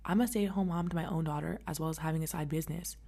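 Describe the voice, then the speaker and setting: A woman reading a first-person story aloud in a brisk, even manner. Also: sits low, gravelly. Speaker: story reader. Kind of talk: read-aloud story narration.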